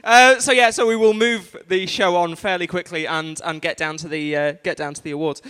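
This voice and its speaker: A man's voice: sits high, steady tone, brisk, pushed and bright, clean tone. Chatty man compering in a hall. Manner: rambling, chatty, restarts and asides to the crowd. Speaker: event host and compere. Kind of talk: live stand-up compering. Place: large museum event hall. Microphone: stage microphone. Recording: reverberant hall on live stream.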